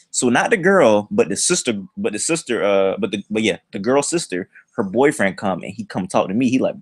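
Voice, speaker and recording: A man's voice: medium pitch, fairly quick, dry recording, clean studio sound. Young man telling stories on a livestream. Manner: rambling, slangy, animated. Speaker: livestream host. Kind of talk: casual livestream storytelling.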